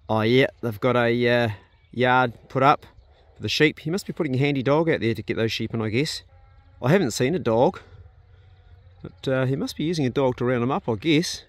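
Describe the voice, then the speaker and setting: Filming on a handheld phone while he walks his rural land, this homestead vlogger keeps up a loose, rambling commentary and talks to his pets along the way. His voice is medium in pitch and brisk, and the recording sounds dry.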